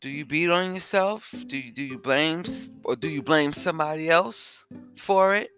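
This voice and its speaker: A man hosting a self-help podcast, talking slowly and repeating questions to the listener. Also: fairly high pitch, pushed and bright, soft background music. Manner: slow, repetitive, asks the listener questions. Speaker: podcast host. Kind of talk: reflective self-help talk.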